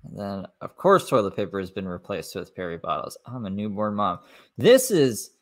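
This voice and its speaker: A man's voice: lowish voice, very animated, normal speed. A man hosting a livestream, reacting to clips with sarcastic, profane, mocking commentary. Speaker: commentary streamer.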